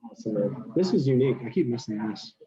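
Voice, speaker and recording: A man who is a business coach chatting casually with colleagues before his session, relaxed and easygoing. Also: mid-range voice, fast. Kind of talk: casual chat between sessions. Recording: dull lo-fi sound with crowd behind. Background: chatter of a crowd.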